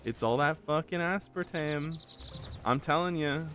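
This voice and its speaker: A man's voice: a little high, a little slow, a bit bright, slight background noise. A man streaming a game, chatting casually in a rambling, self-deprecating way and swearing freely.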